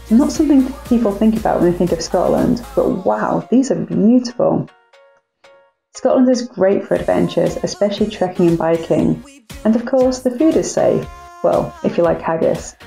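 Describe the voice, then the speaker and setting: A young woman talks through family trips in a chatty, upbeat way and pokes fun at herself now and then. Her voice is mellow with a gravelly edge, and it sounds like she is in an echoey room. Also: medium pitch. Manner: chatty, upbeat, self-mocking asides. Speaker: travel vlogger. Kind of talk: family travel vlog narration.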